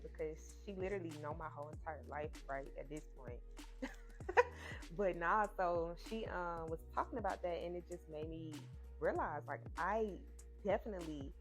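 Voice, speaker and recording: A young woman talks to camera in a casual, heartfelt vlog. Her voice sits low, and she keeps calling her viewers "y'all" and circling back over her points. Faint music plays under her voice. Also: normal speed. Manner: expressive, repeats herself, addresses viewers as "y'all". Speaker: vlogger reviewing a podcast.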